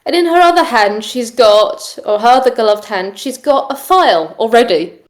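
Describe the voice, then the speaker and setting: A woman who narrates as game master in a lively, descriptive and amused way. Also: on the high side, normal speed.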